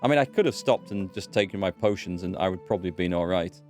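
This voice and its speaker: A man's voice: sits low, quick pace, darkish tone, soft background music. A British man streaming a game, chatting casually, answering his chat and laughing easily. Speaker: let's play gamer and streamer. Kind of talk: casual live-stream commentary.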